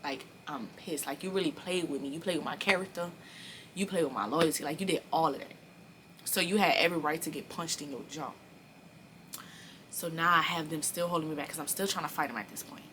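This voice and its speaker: Young woman vlogger, fairly low voice with a forceful, bright edge, telling a profane storytime straight to camera. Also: a little fast, a little hiss or hum. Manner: animated, profane storytelling that speaks straight to viewers. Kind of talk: storytime vlog.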